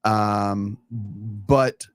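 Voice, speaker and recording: A man's voice: lowish voice, fairly even intonation, drawn-out words, no room sound. A man talking in a casual live stream, earnest and emphatic, often repeating words to stress a point. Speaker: live stream guest commentator.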